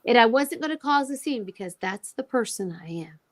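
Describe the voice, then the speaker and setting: Animated woman telling an emotional story. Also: fairly high pitch, brisk. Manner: animated, acts out quoted dialogue. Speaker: guest.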